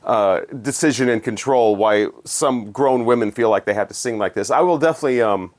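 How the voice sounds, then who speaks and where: A man's voice: mid-range voice, brisk. A man giving a casual spoken album review in a sarcastic, dismissive, rambling way.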